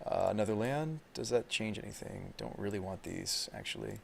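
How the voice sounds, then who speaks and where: Deadpan man streaming a card game. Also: on the low side, moderate pace, gravelly, slight background noise. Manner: deadpan, little inflection; thinks aloud, chats with viewers. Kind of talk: live card game commentary.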